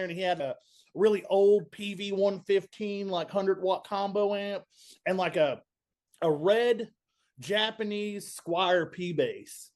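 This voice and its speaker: A young man from Kentucky with a Southern accent, a band's bassist telling stories in a laid-back, chatty way. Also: moderate pace, a little mellow. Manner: laid-back, chatty storyteller, says "man" and "dude" a lot. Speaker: band bassist, guest. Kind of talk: casual interview chat.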